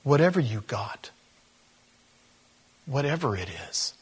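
Preacher guy telling a story in a sermon, lively, trips over his words and restarts. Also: mid-range voice, slow pace, slightly rough. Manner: animated, with stumbles and restarts. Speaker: pastor.

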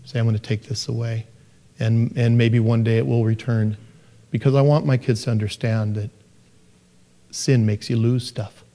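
A middle-aged man preaching a sermon, animated and joking, who mimics parents in a soft sing-song voice. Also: mid-range voice, normal speed. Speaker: pastor. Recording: long hall reverb.

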